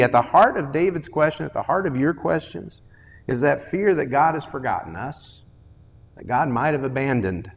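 A man preaching a sermon in an earnest, questioning way, moving from loud pleading to hushed, reflective lines. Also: mid-range voice, long reverb tail. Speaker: pastor.

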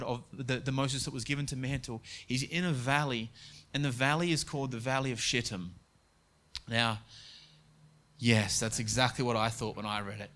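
A man preaching a sermon in a conversational way, dropping to soft, quiet tones when he speaks God's words. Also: mid-range voice. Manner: conversational preaching, quotes God and Joshua, drops to soft tones.

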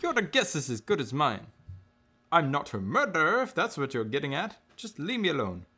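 An actor playing a guarded, menacing suspect in a noir mystery drama, speaking with an Italian accent in curt, hesitant replies. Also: male voice, on the high side, wildly swooping pitch, normal speed, sharp tone, breathy edge, heavily acted. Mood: irritated. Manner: curt, hesitant fillers, turns threatening.

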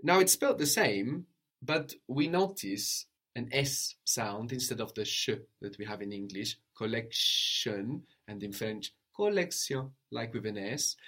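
Guy teaching pronunciation, voice goes up and down a lot, slow careful examples. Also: medium pitch, slightly rough. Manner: patient, models pronunciation slowly, animated questioning intonation. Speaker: language teacher. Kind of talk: audio language lesson.

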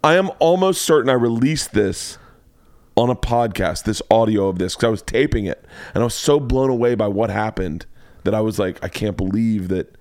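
A man's voice: medium pitch, lively intonation, normal speed, darkish tone, dry recording. A man hosting a casual podcast from a home studio, telling a rambling, worked-up anecdote and swearing freely. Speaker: podcast host and comedian. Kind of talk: casual storytelling chat.

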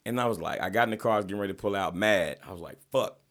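A man hosting a podcast, telling an animated story in casual chat with slang and profanity. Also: fairly low pitch, racing. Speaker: podcast host.

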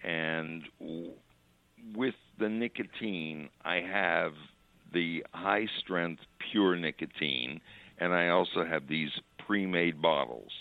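An older man calls in over a tinny phone line, his voice very deep and gravelly. He talks in a formal, measured, explanatory way, and the sound is dry and close. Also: dry recording. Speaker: phone-in guest. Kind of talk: casual chat.

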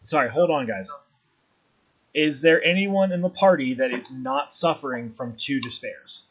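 A man's voice: medium pitch, moderate pace, fairly bright tone, slightly rough. A man running a tabletop game as game master, describing scenes and ruling on checks, on a dull lo-fi recording.

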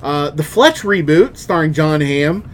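A man with a fairly high voice who cuts in with dry, skeptical remarks during a casual chat. A faint low rumble runs under the recording. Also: animated, unhurried. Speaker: podcast co-host. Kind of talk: casual pop culture chat.

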